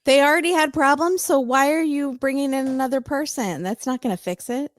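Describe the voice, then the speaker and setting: A woman's voice: high-pitched, brisk, dry recording. A woman podcast guest in casual chat, sarcastic and chatty, using lots of fillers.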